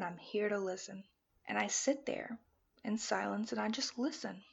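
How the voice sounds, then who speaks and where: A woman's voice: medium pitch, gravelly, muffled recording. A woman talking earnestly and chattily about her faith, with lots of "you know" fillers. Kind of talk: personal faith talk to camera.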